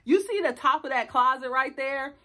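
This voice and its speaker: A woman in her thirties talks casually to her viewers in a high, bright voice. She is sassy and expressive, tossing in slang asides as she goes. Her delivery swings with animated energy. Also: moderate pace. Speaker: vlogger. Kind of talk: casual chat to camera.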